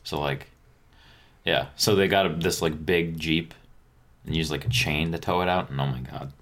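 A man co-hosting a podcast in casual chat, with a dry, deadpan, joking delivery. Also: rumbling low, normal speed. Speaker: podcast co-host.

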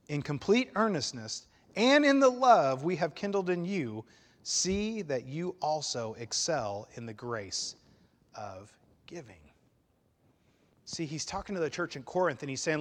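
A man preaching a sermon to his church, emphatic and animated, swelling loud at his peaks and dropping quiet after. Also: on the high side, big-room sound. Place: church sanctuary.

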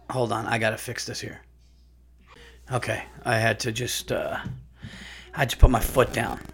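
A man of middle pitch talks through a loose comic monologue, circling his stories and piling on asides. His delivery is animated and chatty, with the odd swear word. He sounds like a comedian unwinding on his own show. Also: slight background noise. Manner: rambling, animated storytelling with profanity. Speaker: podcast host and comedian.

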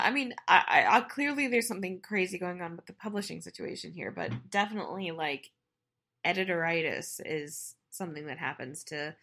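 A woman chatting casually about books, sympathetic and halting, with frequent restarts. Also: lowish voice, gravelly, sharp tone. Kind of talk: casual book discussion.

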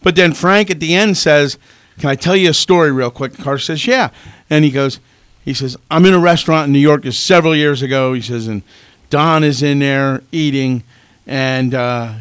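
A man co-hosting sports talk radio from a studio, telling anecdotes in an animated way. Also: medium pitch, clear, resonant tone, dry recording. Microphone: studio mic.

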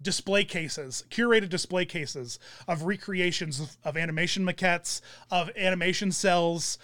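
Man, young adult, high-pitched, dry, chatty, lots of fillers. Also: measured pace, pushed and bright, no room sound. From German descent. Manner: rambling storyteller, many fillers and restarts. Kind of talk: casual chat.

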